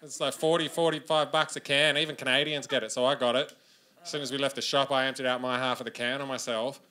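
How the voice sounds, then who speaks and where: A man's voice: medium pitch, level tone, quick pace, pushed and bright. An Australian man performing a crude, self-deprecating stand-up comedy set on a club stage, laughing along with his own jokes.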